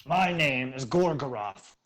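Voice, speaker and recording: A man voicing a hulking male ogre warrior who speaks slowly and formally. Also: mid-range voice, expressive, fairly bright tone, a little hiss or hum. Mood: solemn.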